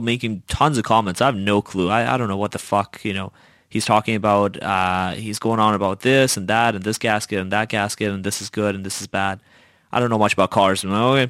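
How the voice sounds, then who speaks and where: A man's voice: mid-range voice, a bit bright, no echo. Young man telling a chatty, swearing story. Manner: chatty, swears freely, lots of fillers. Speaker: podcast host. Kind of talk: casual storytelling monologue.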